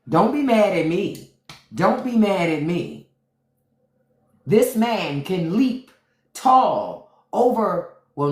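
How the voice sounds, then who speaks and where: A woman hosting a livestream, talking back to the chat with profane, mocking commentary. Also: rumbling low. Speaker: podcast host on a livestream. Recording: roomy echo.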